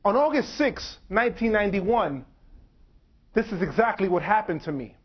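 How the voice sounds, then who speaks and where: Measured man giving a university talk. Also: sits high, big pitch swings, muffled recording. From United States. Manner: slow, measured, deliberate delivery. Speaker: speaker. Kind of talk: public talk. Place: university lecture hall.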